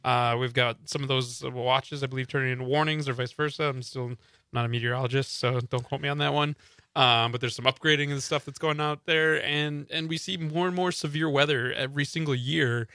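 A man's voice: medium pitch, steady tone, brisk, pushed and bright, no echo. A man who is a regular guest on a radio talk show, chatting casually with fillers and hesitations. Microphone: studio microphone.

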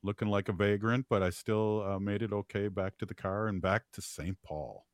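A man's voice: lowish voice, steady tone, moderate pace, no echo, clean studio sound. A man hosting a casual radio talk show, rambling and laughing easily, with plenty of filler words. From United States.

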